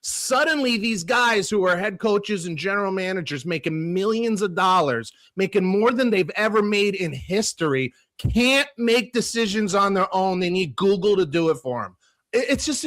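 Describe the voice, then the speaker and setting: Animated ranting male sports podcaster. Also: high voice, normal speed, dry recording. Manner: animated, ranting, swears casually. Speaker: podcast co-host. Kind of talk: casual sports talk. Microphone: podcast studio mic.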